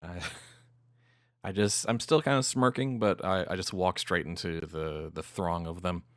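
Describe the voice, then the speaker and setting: Very deep-voiced man playing a tabletop game. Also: fairly even intonation, a little slow, fairly bright tone, no room sound, studio quality. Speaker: player. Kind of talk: casual tabletop role-play.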